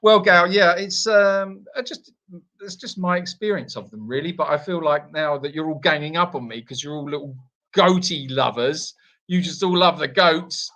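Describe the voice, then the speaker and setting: A man's voice: on the high side, moderate pace, bright, forceful tone. A man hosting a casual live Q&A from an animal sanctuary, reading viewer comments in a playful, self-deprecating way with frequent restarts.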